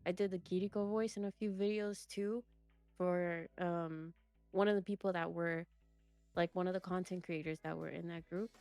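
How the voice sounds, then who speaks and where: A young woman talks as an interview guest, her voice a touch lower than most. She rambles, restarting and stacking fillers as she goes. Soft music plays faintly behind her. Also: steady tone, normal speed, no echo. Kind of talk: casual chat.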